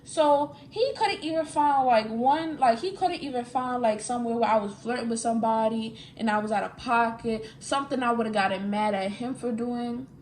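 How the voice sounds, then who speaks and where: High-voiced New woman telling a story. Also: moderate pace, few pauses, a little hiss or hum. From New York. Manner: animated, slangy, repeats phrases for emphasis. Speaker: vlogger. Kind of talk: casual storytime chat. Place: at home, getting ready.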